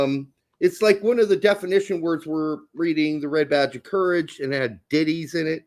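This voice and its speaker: A middle-aged man co-hosting a podcast, telling stories in a jokey, animated way and laughing often. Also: on the high side, normal speed, hardly any pauses. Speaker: podcast co-host. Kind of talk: casual chat.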